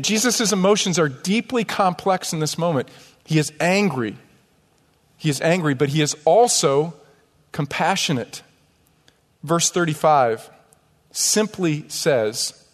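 A man pastor preaching a sermon, animated and full of rhetorical questions to his congregation. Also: fairly high pitch, in a large hall. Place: church sanctuary.

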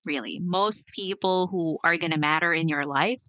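A woman's voice: on the low side, bright, forceful tone, no echo, highs cut off. A woman guest speaking candidly in a casual podcast interview, full of asides and "like". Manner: candid, talks in quick asides with frequent "like" and laughs.

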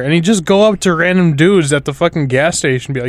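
Dry-sounding man with a slightly high voice. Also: fast talker, dry recording. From Milwaukee area. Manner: laid-back, chuckles while telling his own story. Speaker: podcast co-host. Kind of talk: casual storytelling chat.

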